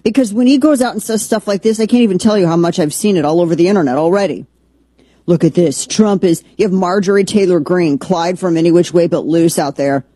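A woman's voice: on the low side, fast, few pauses, dark tone, no room sound. A middle-aged woman hosting a political talk radio show, combative and sarcastic in her monologue.

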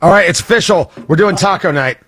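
A man's voice: high voice, quick pace, a bit bright, slightly rough. A man hosting a radio morning show, bantering and teasing his co-hosts in a casual, joking way. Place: radio studio.

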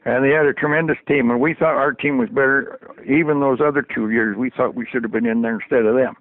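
An older man who once trained hockey players tells homespun stories with frequent chuckles, his mid-range voice steady and quick. The interview is a dry recording over a tinny phone line.

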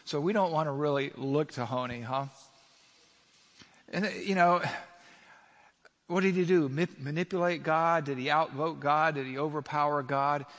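A man preaching in a church, pressing his points hard and firing rhetorical questions at the congregation. His voice sits a little high for a man. The sound rings out with a long reverb, as in a large sanctuary. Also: fairly even intonation, moderate pace, long pauses, fairly bright tone. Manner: emphatic, asks the audience rhetorical questions. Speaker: pastor. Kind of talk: sermon.

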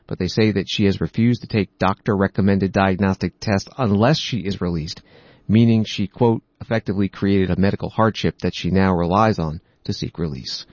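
A man hosting a news program, reading reports in a steady, measured scripted delivery. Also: on the low side, no echo, highs cut off. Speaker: news host.

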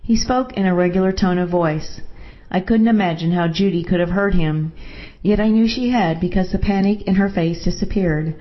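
Woman reading a story in a low voice. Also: lo-fi sound. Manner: calm, measured storytelling. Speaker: narrator. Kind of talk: scripted first-person story reading.

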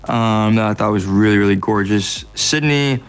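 An American man speaks as a guest actor in a casual interview, laid-back and self-deprecating, perking up when he tells stories. His voice sits fairly low, his speed is normal, and faint music plays underneath.

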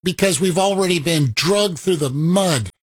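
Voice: medium pitch, unhurried, breathy edge. A political commentator reacting to a played clip, firing off rhetorical questions and sarcastically quoting opponents.

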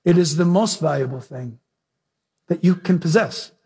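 A male preacher giving an emphatic sermon, asking his listeners direct questions and telling lively stories. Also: a little high, normal speed, husky. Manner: emphatic, questions the audience, animated storytelling.

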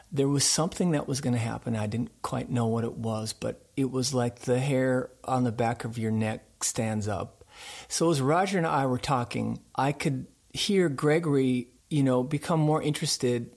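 Gravelly man spinning a folksy story. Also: mid-range voice, a little mellow. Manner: folksy, rambling anecdotes with restarts. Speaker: radio show host being interviewed. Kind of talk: relaxed conversational storytelling.

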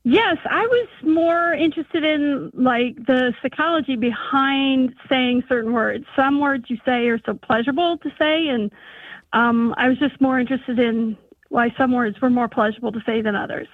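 A woman's voice: high-pitched, normal speed, no room sound. A woman from North Dakota calling in to a radio show, eager and searching for her words with "um" and "like.". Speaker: caller. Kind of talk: casual call-in chat. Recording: tinny phone line.

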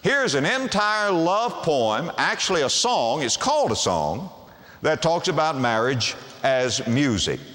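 A male pastor preaches a sermon in an unhurried, fairly bright voice, posing rhetorical questions with big swings up and down in pitch. The long reverb of a large hall surrounds his words.

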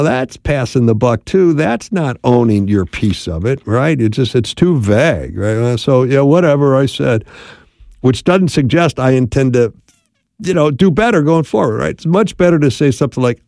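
A man's voice: medium pitch, expressive, normal speed, gravelly, darkish tone, no room sound, clean studio sound. A man teaching about apologies in marriage, in a conversational style with frequent tag questions. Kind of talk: instructional talk on marriage.

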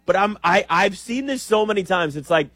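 An American man rants about sports in an emphatic, sarcastic way. His voice sits a little high for a man and comes through dry and close. He keeps it animated. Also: moderate pace, dry recording. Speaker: sports talk show host. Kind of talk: opinionated sports monologue.

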